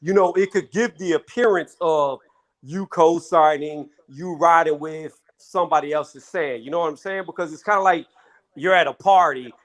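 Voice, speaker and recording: A man speaks up on a live online panel. His voice is a little high, and he talks earnestly and casually. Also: normal speed. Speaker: panel guest.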